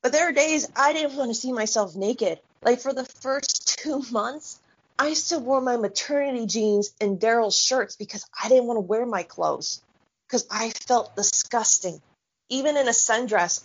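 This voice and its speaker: A woman in her thirties, co-hosting a podcast in casual chat, talking bluntly with lots of swearing and heated rants. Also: a little high. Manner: blunt, profane, heated ranting. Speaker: podcast co-host. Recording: dull lo-fi sound.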